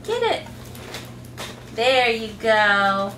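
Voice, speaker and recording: A high-pitched mother hosts a casual unboxing, her voice swooping up and down as she gushes and coos to her toddlers. She speaks unhurriedly. The sound comes from a mic set some way off in an echoey room with a faint hum of ambience. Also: very animated, drawn-out words, pushed and bright, far from the mic. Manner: gushing, sing-song baby talk to her toddlers. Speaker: mother and channel host. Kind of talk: casual unboxing vlog talk.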